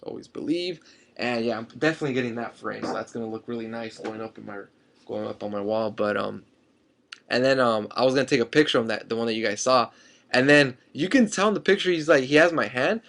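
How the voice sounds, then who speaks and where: A young man rambles eagerly through a fan story for his vlog, stumbling over restarts and fillers. His delivery is quick, and his voice has a gravelly edge. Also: mid-range voice, fairly bright tone. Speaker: fan vlogger.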